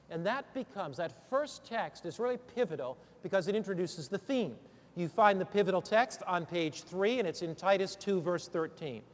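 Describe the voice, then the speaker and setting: A man with a high voice walks fellow preachers through a sermon, then breaks into preaching. He rouses the listeners with call-and-response questions. His voice rings on in a big hall with a long reverb. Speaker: preacher training other preachers. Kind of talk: sermon-preparation instruction turning into preaching.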